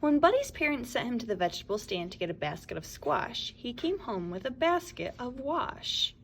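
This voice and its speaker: A woman teacher reading a children's story aloud in a warm, expressive way, recorded on a home webcam or phone. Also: a little high, normal speed, a little hiss or hum.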